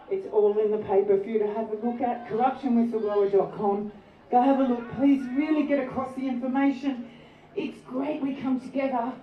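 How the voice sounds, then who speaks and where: A woman giving an impassioned, preaching rally speech, often shouting her lines. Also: sits high. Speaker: rally speaker. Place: outdoor rally over loudspeakers. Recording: echoey distant lo-fi rally sound.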